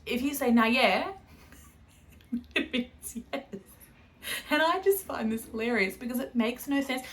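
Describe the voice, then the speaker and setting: A woman's voice: high-pitched, moderate pace. A young Australian woman hosting a knitting podcast, chatting casually and rambling a little, correcting herself and laughing often. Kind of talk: casual chat to camera.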